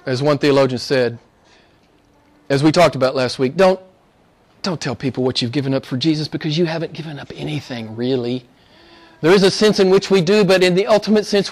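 Guy preaching a sermon, pretty high voice, chatty, lots of questions and repeats, goes soft then loud. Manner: conversational, rhetorical questions, repeats himself for emphasis; swings from quiet and low to loud, high and excited. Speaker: pastor.

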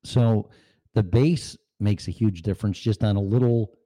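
A man's voice: fairly low pitch, moderate pace, dark tone. A man hosting a podcast in casual chat, blunt and swearing freely, often laughing. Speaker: podcast host. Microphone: home studio mic through small mixer.

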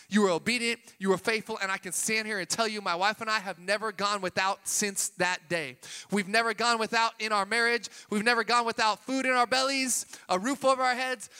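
A pastor from Sacramento preaching a sermon, energetic, building to emphatic peaks with casual asides, in a church auditorium. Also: male voice, high-pitched, clean tone. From Sacramento, California. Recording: long hall reverb with faint music.

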